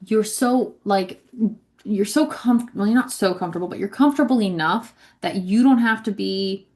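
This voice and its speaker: A woman's voice: mid-range voice, moderate pace, a little mellow. A woman who leads a ministry, giving a casual spiritual teaching talk, chatty and repetitive, often checking in with "right?". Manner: conversational, frequent "right?" and "like", repeats words. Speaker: ministry leader.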